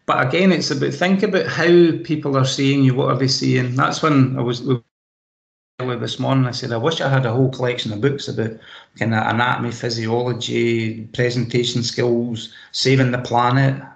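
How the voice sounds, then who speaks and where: Chatty Scottish man with a gravelly voice. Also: medium pitch, fairly even intonation, normal speed, reverberant. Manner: chatty, practical and anecdotal. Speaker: presentation skills trainer. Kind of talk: online training session. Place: home room. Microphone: laptop microphone on a video call.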